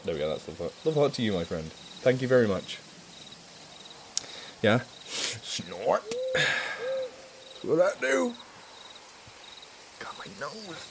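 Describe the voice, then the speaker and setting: A man's voice: medium pitch, wildly swooping pitch, slow, creaky, pauses often, background noise, heavily acted. A man putting on a put-on American Southern good-old-boy voice while chatting playfully with viewers on a live stream. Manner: playful, self-mocking, chatty. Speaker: livestream host. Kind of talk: casual live-stream chat.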